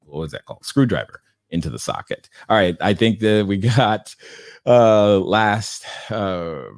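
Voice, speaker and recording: In a dry, clean studio recording, a middle-aged man with a lowish voice chats casually on a livestream at a measured pace. He reads viewer questions aloud and riffs on them, chuckling easily.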